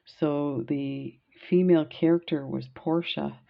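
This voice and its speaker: A woman's voice: low-pitched, fairly even intonation, unhurried, vocal fry, highs cut off. A woman from Canada who tells stories in a chatty, rambling way while beading, often laughing. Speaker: beading vlogger. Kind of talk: casual storytelling while beading.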